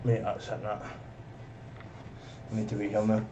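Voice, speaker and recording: A man's voice: lowish voice, monotone, normal speed, noisy background. A man live-streaming a driving game, chatting to viewers in slangy banter and calling everyone mate. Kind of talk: casual live-stream chat while driving.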